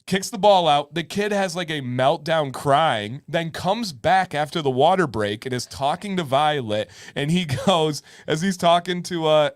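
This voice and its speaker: Lively storytelling man, dry sound. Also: fairly high pitch, unhurried, hardly any pauses, no echo. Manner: lively storyteller who acts out kids' voices. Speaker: co-host of a live advice show. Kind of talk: casual chat.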